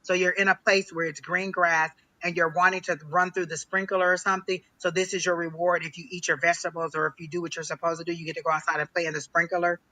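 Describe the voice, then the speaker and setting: Bright high-voiced man giving a psychic reading. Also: level tone, poor audio. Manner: halting, repeats phrases with many ums. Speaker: psychic reader. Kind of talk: live psychic reading on a stream.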